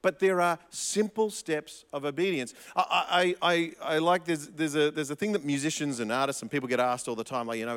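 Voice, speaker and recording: A man preaching a sermon as pastor, animated, with frequent restarts and emphatic repetition. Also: on the high side, fairly quick, few pauses, clear, resonant tone, big-room sound.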